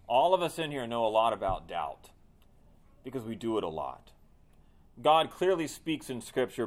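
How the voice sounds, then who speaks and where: A male pastor delivering a sermon at a middle pitch. He swells into loud, emphatic phrases, then falls back to hushed, gentle lines. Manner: preaching with swelling emphasis and quiet drops.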